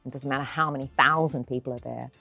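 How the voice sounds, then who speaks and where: A middle-aged Australian actress speaks in a strikingly low voice, recounting anecdotes in an interview. She tells them expressively and slips into the voices of the people she quotes. The sound is dry and close, with faint music underneath. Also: quick pace, vocal fry, no room sound. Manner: expressive storyteller who acts out quoted voices. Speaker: actor.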